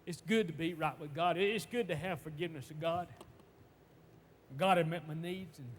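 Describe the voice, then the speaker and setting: A man preaching a sermon, stammering and repeating words in folksy, emphatic speech that swings from loud to hushed. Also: fairly high pitch, moderate pace. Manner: emphatic, swinging between shouts and hushed tones. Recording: long reverb, faint background noise.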